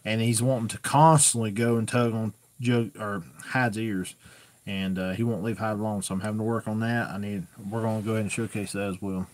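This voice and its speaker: A man's voice: fairly low pitch, fairly even intonation, a little fast. Folksy man hosting a live Q&A. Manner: folksy, rambling, plainspoken. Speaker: host answering viewer questions. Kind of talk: casual live-stream Q&A.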